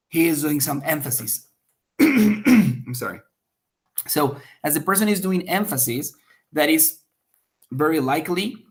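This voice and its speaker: Man teaching test prep, many "okay?" checks. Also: on the high side. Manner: explains step by step, checks in with frequent "okay?"; acts out example lines with sharp emphasis. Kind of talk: online class lecture.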